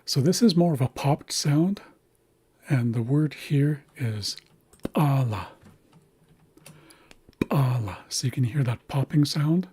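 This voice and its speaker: A man guides learners through a pronunciation lesson at a deliberately slow pace, repeating each word with care. His voice is heavily breathy and husky, with a mellow, relaxed warmth. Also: on the high side. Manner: patient, deliberate, models words slowly and repeats them. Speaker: language teacher. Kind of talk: slow instructional walkthrough.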